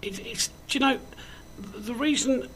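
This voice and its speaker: A man's voice: very high voice, moderate pace, a bit bright, slight background noise. A man hosting a casual radio chat show, joking and rambling with frequent ums as he moves between banter and news. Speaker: host.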